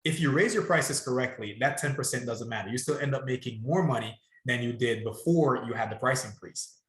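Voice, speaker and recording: A man's voice: mid-range voice, fairly quick, a bit bright, echoey room. A man talking in a casual podcast conversation as a salon business coach, emphatic and repeating his key points.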